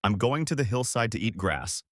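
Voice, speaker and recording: A man voicing the smallest male billy goat in a storybook tale, speaking softly and timidly. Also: mid-range voice, animated, moderate pace, no room sound, clean studio sound. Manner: soft, timid.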